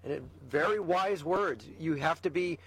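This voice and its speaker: A man talking as a guest in a casual political chat, emphatic and fired up, with quick asides. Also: a little high, fairly bright tone, slightly rough.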